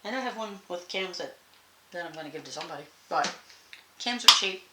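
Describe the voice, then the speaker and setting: With a lowish voice and lively intonation, the woman hosting this casual sewing vlog talks a little fast. Folksy, rambling and quick to laugh, she films in her sewing room, where there's echo and faint noise.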